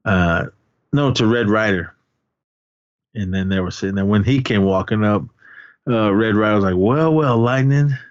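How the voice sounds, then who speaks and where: A man's voice: on the low side, fairly even intonation, moderate pace, long pauses, no room sound. Man, podcast host, casual movie recap, rambling with fillers, dull dry recording. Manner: rambling, many restarts and fillers.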